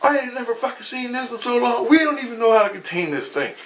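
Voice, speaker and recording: A man's voice: normal speed, far from the mic, slight background noise. A man doing an astonished, agitated male spirit. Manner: excited, high and swearing.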